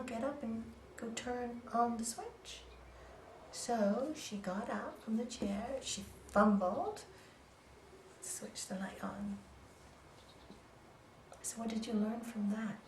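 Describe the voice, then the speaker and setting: A woman yoga teacher giving an animated storytelling talk to a group, acting out dialogue and laughing often. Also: fairly high pitch, a little slow, a little hiss or hum. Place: yoga centre room. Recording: echoey room from a distance.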